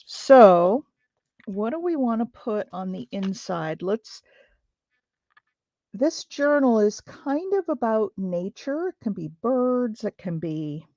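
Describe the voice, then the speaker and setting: A woman with a gravelly, creaky voice chats unhurriedly with her viewers while she works on a craft project. She greets people by name and talks through each step as she goes. The sound is dry and a little dull, like a lo-fi recording. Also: mid-range voice, sing-song, takes it slowly, warm tone, no echo. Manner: chatty, greets viewers and thinks aloud while working. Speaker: craft livestream host. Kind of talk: casual chat while crafting.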